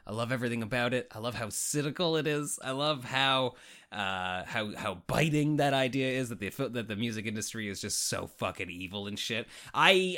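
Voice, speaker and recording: A man from Canada co-hosting a casual chat, animated and swearing, talking in quick bursts with restarts. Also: medium pitch. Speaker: podcast co-host.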